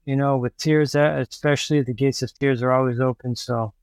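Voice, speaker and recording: A man's voice: mid-range voice, fairly even intonation, a little fast, clear, resonant tone, no room sound, studio quality. A man hosting a podcast, asking questions in a supportive, somewhat hesitant casual way. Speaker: podcast host. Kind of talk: casual conversational interview.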